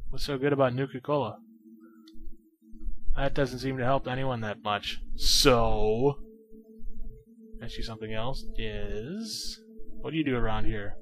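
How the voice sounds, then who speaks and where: A man's voice: medium pitch, a little slow, long pauses, faint music behind. A man casually commenting on a game and reading its dialogue aloud, with dry, sarcastic asides. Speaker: let's play commentator.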